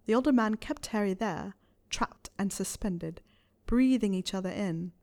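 A woman reading fan fiction aloud in a soft, steady storytelling voice. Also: medium pitch, a little slow. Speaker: reader.

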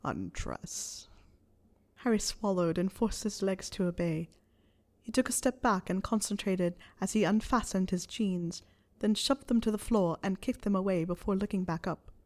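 A woman reading fan fiction aloud in a soft, steady storytelling voice. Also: mid-range voice, normal speed. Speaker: reader.

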